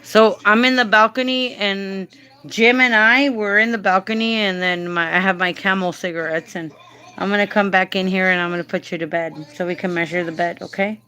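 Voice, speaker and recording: A woman's voice: medium pitch, steady tone, fairly quick, sharp tone. A woman hosting a casual live stream, coaxing and doting as she talks to a man beside her.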